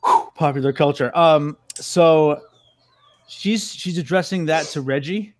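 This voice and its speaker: A man chats as a tabletop game player, animated and casual, in a fairly high voice. He tells his character's moves with loose energy. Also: unhurried. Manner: laughing, animated.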